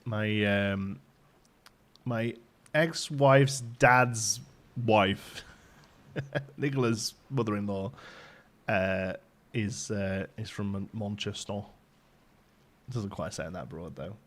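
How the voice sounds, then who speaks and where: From his home in Ontario, Canada, a man streams a game and chats casually with his audience, laughing often. His voice is on the low side and fairly bright, and he speaks slowly with long pauses.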